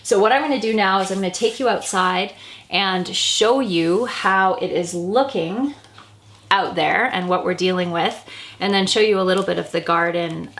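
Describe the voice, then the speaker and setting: A hoarse, gravelly woman homesteader talking casually to camera, rambling and thinking out loud. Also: medium pitch, normal speed. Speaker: homesteader and prepper. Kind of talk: casual vlog talk to camera.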